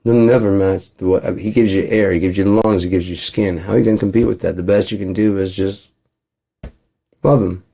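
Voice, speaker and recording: Low mellow-voiced man rambling. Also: fairly even intonation, brisk, gravelly. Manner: rambling, profane, acts out both sides of imagined talks. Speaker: channel host. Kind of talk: casual rambling monologue.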